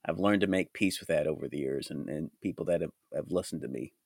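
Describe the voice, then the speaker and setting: Guy with a cold, really low groggy voice, rambling on his podcast, dry close mic. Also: fast, vocal fry, darkish tone, no room sound. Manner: rambling, reflective, with restarts. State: hoarse from a cold. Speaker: podcast host. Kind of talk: solo podcast chat. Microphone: studio mic.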